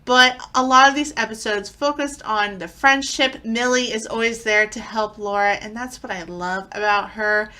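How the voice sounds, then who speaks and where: A woman's voice: fairly high pitch, steady tone, normal speed, few pauses, sharp tone. A woman hosting her own video, reviewing old TV episodes in a chatty, conversational way. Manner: chatty, conversational, loosely paced. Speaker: video host.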